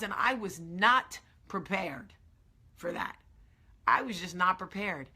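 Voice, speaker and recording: Husky, bright-voiced woman vlogging earnestly. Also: mid-range voice, slow pace. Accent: New York area. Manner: emphatic and earnest, talks straight to viewers. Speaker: show host. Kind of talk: casual morning vlog monologue.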